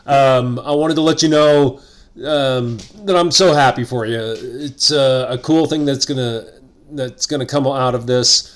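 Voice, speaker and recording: A man's voice: medium pitch, steady tone, measured pace. A middle-aged man hosting a casual vlog monologue, rambling and joking with asides. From United States. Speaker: host.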